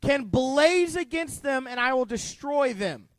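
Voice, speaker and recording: A man's voice: very high-pitched, lively intonation, unhurried, dry recording, voice pushed up. A man voicing God as a stern, angry deity while retelling a Bible story.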